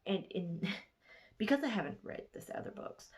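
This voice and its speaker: A woman's voice: mid-range voice, animated, normal speed, a little mellow. A woman in her twenties with a Southern US accent, chatting casually through a book review late at night, sleepy and rambling, often correcting herself. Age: 20s. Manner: rambling, chatty, gushing, with frequent self-corrections.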